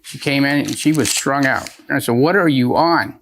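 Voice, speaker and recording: A man's voice: mid-range voice, moderate pace, fairly bright tone, a little hiss or hum. A man testifying as the plaintiff in a TV courtroom, rambling and repeating phrases as he tells his story. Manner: rambling, repeats himself, stumbles over words.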